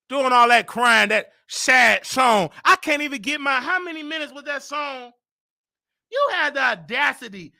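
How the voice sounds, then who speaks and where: A man hosting a comedy show, ranting with exaggerated indignation and bursts of shouting. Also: very high voice, creaky.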